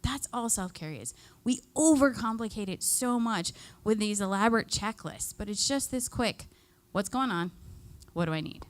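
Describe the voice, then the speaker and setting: A woman's voice: fairly high pitch, fairly bright tone. Upbeat woman leading a workshop. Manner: upbeat, chatty, leads the group in exercises; laughs often. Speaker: extension educator. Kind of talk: live workshop talk.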